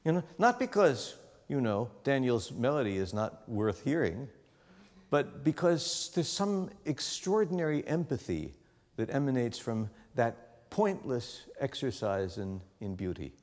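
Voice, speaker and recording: A man's voice: medium pitch, a little slow. A man teaching a chamber music master class, talking animatedly and acting out small quoted lines as he coaches the players. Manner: animated, talks with his hands in phrases, acts out little quoted voices. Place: concert hall or large studio at a music school. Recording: long hall reverb.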